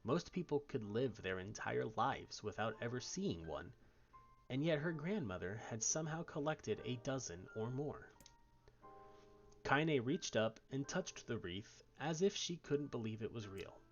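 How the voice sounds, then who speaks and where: A man streamer reads story narration aloud with lively, swinging intonation. His pitch is mid-range for a man, and faint music plays underneath. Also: unhurried, lo-fi sound. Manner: expressive read-aloud. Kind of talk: reading story text aloud.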